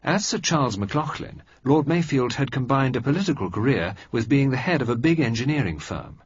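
A man narrating an audiobook in a steady, measured reading style. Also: mid-range voice, breathy edge, no room sound. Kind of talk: scripted narration. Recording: dry, slightly dull recording.

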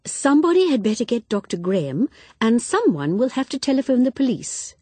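A woman doing a sharp elderly lady sleuth. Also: on the high side, big pitch swings, a little fast, no echo, pitched above the performer's own voice. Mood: firm. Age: older. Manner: sharp and authoritative. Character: elderly spinster sleuth, quiet, commonsense, authoritative.

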